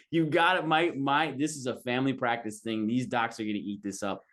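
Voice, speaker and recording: A man's voice: mid-range voice, steady tone, normal speed, fairly bright tone. A man hosting a podcast in casual interview style, enthusiastic and chummy. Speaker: podcast host.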